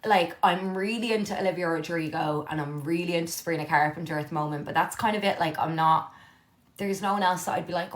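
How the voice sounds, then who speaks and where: Speaking in a fairly low, expressive voice with a sharp edge, this young woman hosts a casual live stream from her living room. She reads out viewer comments and answers them, frank and quick with a curse.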